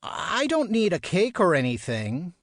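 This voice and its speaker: A woman's voice: on the low side, wildly swooping pitch, a little slow, no echo, clean studio sound, pitched above the performer's own voice, exaggerated voice. A man voicing a nervous eleven-year-old girl who speaks hesitantly and defensively.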